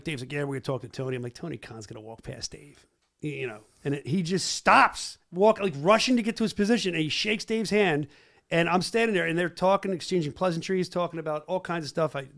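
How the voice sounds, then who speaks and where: A middle-aged man hosting a podcast, brash and joking as he talks over video clips. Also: a little high. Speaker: podcast host. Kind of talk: casual podcast chat.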